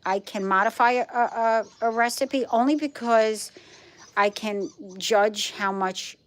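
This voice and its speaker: A woman's voice: on the high side, slow. A middle-aged woman with a Brooklyn accent, chatting casually with viewers on a livestream, emphatic and repeating herself. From Brooklyn, New York. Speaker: livestream host. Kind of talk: casual live chat with viewers.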